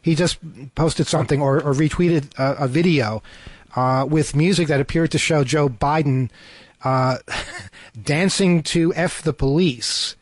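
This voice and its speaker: A man's voice: on the high side, measured pace, no room sound. A man co-hosting a talk show over a remote call, reading news items and cutting in with sarcastic asides, full of fillers and restarts. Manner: hesitant, many fillers and restarts.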